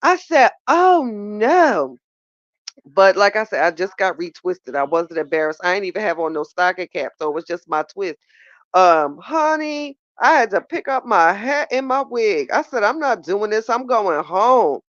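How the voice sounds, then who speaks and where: A woman's voice: medium pitch, lively intonation, moderate pace, a bit bright, no echo, muffled recording. A woman hosting a live call-in chat, talking casually and giggling with her listeners, calling them child and baby.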